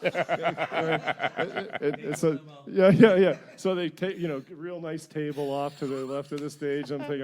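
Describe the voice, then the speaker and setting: A middle-aged singer-songwriter from New Brunswick, telling rambling, self-mocking stories between songs at a house concert. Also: male voice, a little high, steady tone, unhurried, darkish tone. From New Brunswick, Canada. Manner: rambling, self-mocking anecdotes with frequent chuckles. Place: living room at a house concert.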